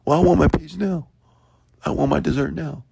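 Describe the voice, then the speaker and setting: Bratty whining kid, high and pleading, put on by a deep-voiced man. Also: steady tone, normal speed, vocal fry, dark tone, breathy edge, no echo, studio quality, exaggerated voice. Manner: whiny, complaining. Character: whining young child begging for candy.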